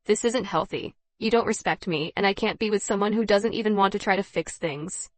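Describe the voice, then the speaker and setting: A woman voicing a calm, firm fed-up husband. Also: medium pitch, brisk, lightly acted. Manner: quiet, steady and firm.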